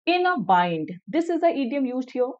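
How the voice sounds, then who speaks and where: This woman's high voice swings widely in pitch at a normal speed, sounding a little mellow with the highs cut off. Speaking Indian-accented English, she goes over vocabulary online, repeats each definition, drops into Hindi for explanations, and asks "clear everyone?" to check on viewers.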